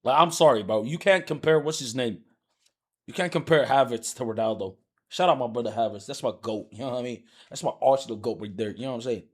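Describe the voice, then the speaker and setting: A man's voice: medium pitch, fast talker, slightly rough. A man live streaming, ranting heatedly and profanely about soccer, repeating himself as he argues with his chat.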